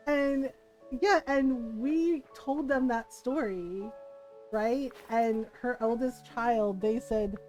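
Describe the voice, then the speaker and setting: High-voiced lady streamer telling a funny story, laughing a lot, faint music behind. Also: slow. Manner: animated storyteller who laughs often and acts out quotes. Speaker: livestreamer. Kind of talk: casual storytelling while streaming a game.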